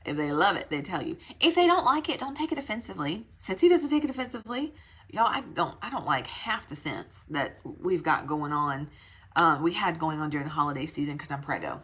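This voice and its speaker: A woman's voice: low-pitched, expressive, fairly quick, fairly bright tone, breathy edge. A young woman, slightly out of breath, giving her sales team a chatty, rambling pep talk. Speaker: direct sales consultant.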